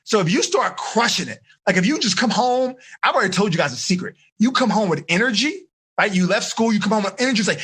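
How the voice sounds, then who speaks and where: Bright, husky-voiced man coaching teens. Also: high-pitched, fast. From United States. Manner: animated, coaxing the audience, acts out quoted voices. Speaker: life coach teaching a teen seminar. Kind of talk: energetic live seminar talk.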